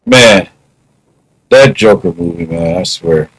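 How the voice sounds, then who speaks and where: A man's voice: deep voice, huge pitch swings, slow, gravelly, rough recording. A man musing in a casual vlog monologue, wry and half-joking. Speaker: vlogger.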